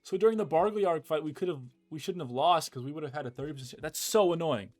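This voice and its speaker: A young man from the United States giving casual, excitable commentary over a game he is playing, often exasperated. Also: on the high side, fast. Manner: excitable, exasperated, says "bro" a lot. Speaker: gaming video creator. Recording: game music behind the voice.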